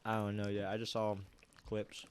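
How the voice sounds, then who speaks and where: A man's voice: on the low side, monotone, normal speed, clear, resonant tone. A man co-hosting a casual film podcast livestream, joking and bantering. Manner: joking, laid-back banter. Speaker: podcast co-host. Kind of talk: casual chat.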